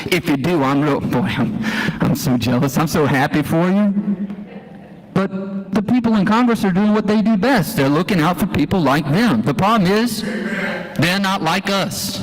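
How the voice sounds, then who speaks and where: A man's voice: sits high, moderate pace. A man giving an impassioned, folksy speech at a town hall, firing rhetorical questions at the crowd. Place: church hall, live event.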